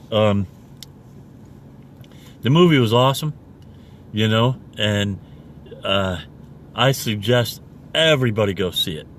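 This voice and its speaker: A man preaching casually in a video, rambling and repeating "okay?" after each point and spelling words out slowly. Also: mid-range voice, a little hiss or hum. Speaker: self-made online preacher.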